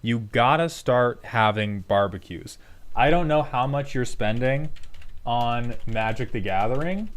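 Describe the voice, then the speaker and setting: A man's voice: medium pitch, clear, resonant tone. Sarcastic man hosting a stream. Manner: sarcastic, profane, mock-scolding. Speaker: streamer host roasting viewer decks. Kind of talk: casual livestream banter.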